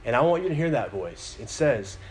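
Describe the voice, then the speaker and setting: A male pastor preaches in a casual, chatty manner, leaning on fillers as he talks through his point. His pitch sits in a middling range for a man. Faint ambient noise hums under his voice. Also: big pitch swings, brisk. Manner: conversational preaching, many fillers, building emphasis. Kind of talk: sermon.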